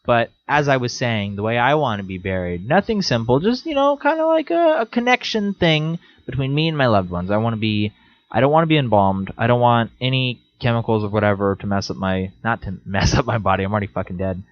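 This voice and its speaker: A man's voice: expressive, fairly quick, dry recording. Rambling young man, lo-fi podcast. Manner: rambling, joking, jumps into high silly voices. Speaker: podcast co-host. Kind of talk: casual chat. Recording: slightly dull lo-fi sound.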